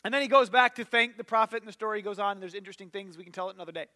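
A pastor tells the story with casual, animated energy, dropping plenty of fillers as he goes. His voice sits very high for a man. It sounds bright and forward. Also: very fast. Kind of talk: sermon storytelling.

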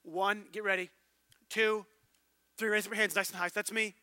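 A man preaching a sermon as pastor, telling stories with lively acted-out quotes. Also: high voice, moderate pace, smooth, dry recording. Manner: animated storytelling, acts out quoted voices.

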